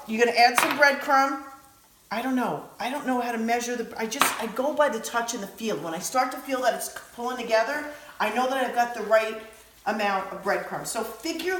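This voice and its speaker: A chatty, excitable woman walks through a home cooking demo, her voice pitched high. She rambles with plenty of fillers. The kitchen around her rings with echo. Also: slight background noise. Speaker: home cook. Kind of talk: casual cooking demonstration.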